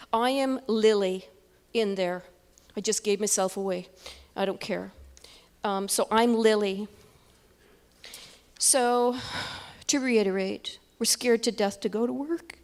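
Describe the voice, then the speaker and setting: A woman nurse giving emotional, halting testimony at a town hall meeting, often repeating herself. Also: fairly high pitch, steady tone, darkish tone. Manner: halting, repeats words, tearful toward the end. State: crying. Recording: echoey hall with long reverb.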